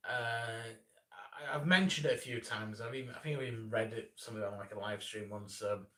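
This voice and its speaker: A man's voice: on the low side, fairly quick, sharp tone, distant mic. A man in his thirties, an animator chatting casually on a live stream, rambling and self-deprecating, with lots of restarts. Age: 30s.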